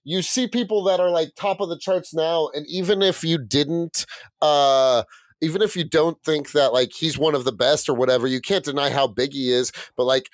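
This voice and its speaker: A podcast host in casual chat, relaxed and agreeable, leaning on "like" and "dude". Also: male voice, fairly high pitch, moderate pace, no room sound, studio quality.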